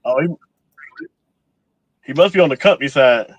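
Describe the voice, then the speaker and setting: A man, chatting in a relaxed, informal way as a fellow truck driver on a live stream. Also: mid-range voice, a little slow, dry recording, highs cut off. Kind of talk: casual live-stream chat.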